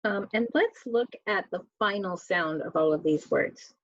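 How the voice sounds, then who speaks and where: A woman's voice: mid-range voice, dry recording, muffled recording. A woman teacher giving a spelling lesson to children, reading words aloud one by one and asking the class questions. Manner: slow, clear word-by-word reading with questions to students.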